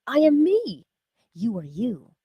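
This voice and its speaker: A woman hosting a motivational livestream, with a husky voice, laughing often and answering her chat. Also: a little high, slow, no echo, muffled recording. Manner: animated, laughing, talks to chat. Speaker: livestream host.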